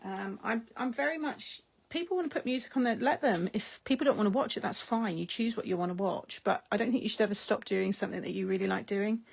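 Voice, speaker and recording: A woman's voice: medium pitch, fast talker, gravelly, husky. A middle-aged woman hosting a craft live stream, chatting casually with viewers, rambling with frequent laughs and trailing sentences. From United Kingdom. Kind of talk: casual chat while crafting, replying to viewer comments.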